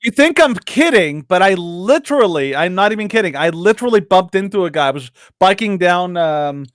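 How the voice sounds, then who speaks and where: A young man from Canada co-hosting a casual podcast, telling animated stories and laughing often. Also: sits high, brisk, dry recording, studio quality. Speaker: podcast co-host.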